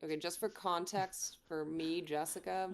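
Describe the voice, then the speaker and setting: A woman's voice: on the low side, fairly even intonation, normal speed, soft background music. A woman playing a tabletop game, talking casually and hesitantly with many fillers. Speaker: player.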